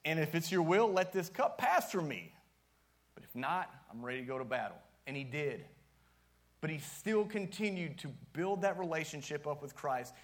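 A man preaching a sermon as youth pastor, casual and joking at times, with strong emphatic rises. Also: on the high side.

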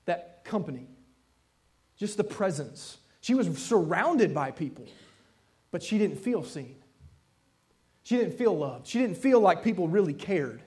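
Lively high-voiced preacher man. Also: a little slow, long pauses. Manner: animated storytelling, acts out quoted voices. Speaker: pastor. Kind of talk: sermon.

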